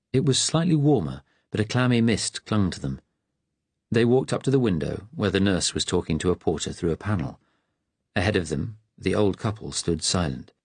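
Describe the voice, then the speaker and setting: A male audiobook narrator with a low, husky voice reads scripted narration, with no room sound.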